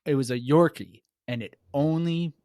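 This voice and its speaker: A man's voice: a little high, moderate pace, dark tone, no echo, studio quality. A man hosting a casual podcast, playfully tossing out offbeat questions. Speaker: podcast host. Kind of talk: casual chat.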